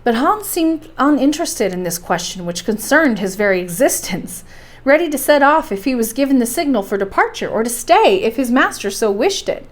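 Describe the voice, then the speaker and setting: A woman's voice: on the high side, very animated, normal speed. Woman reading a bedtime story. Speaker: library storytime reader.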